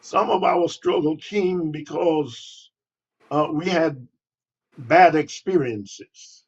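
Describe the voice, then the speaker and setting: An older man, a pastor, answering interview questions in a halting way with many pauses and fillers, on a dull lo-fi recording. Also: on the high side, a little mellow, breathy edge.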